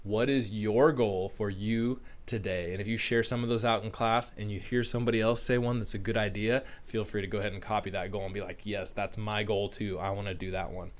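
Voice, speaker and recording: Upbeat lower-voiced man leading school assembly. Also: fairly even intonation. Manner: upbeat, encouraging, talks fast. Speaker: school leader hosting morning assembly. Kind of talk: morning announcements to young students.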